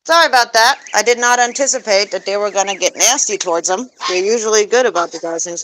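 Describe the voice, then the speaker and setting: A woman vlogger, sick with a lingering cold, chatting casually outdoors while tending her geese, dropping into high sing-song baby talk for them. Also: fast, hardly any pauses, fairly bright tone, a little hiss or hum, rough recording. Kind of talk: casual chat while doing chores.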